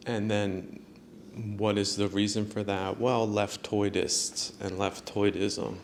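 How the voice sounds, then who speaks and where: A male podcast host talking on his own in an unhurried, rambling way. His voice sits low and has a gravelly fry, and he fills gaps with lots of ums and uhs. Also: flat delivery, slight background noise. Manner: rambling, many fillers, chuckles at own jokes. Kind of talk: solo podcast monologue.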